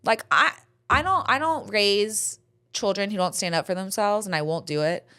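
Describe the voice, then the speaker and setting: Middle-aged woman host, animated, blunt, swears casually, chatty podcast storyteller. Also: mid-range voice, normal speed, clean tone.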